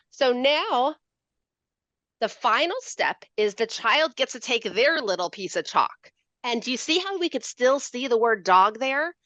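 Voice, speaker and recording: A woman's voice: fairly high pitch, no room sound, highs cut off. A woman demonstrating a handwriting activity on a video call, playful and full of questions to her listeners. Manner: animated, playful, asks questions. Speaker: literacy educator. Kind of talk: lively teaching demonstration.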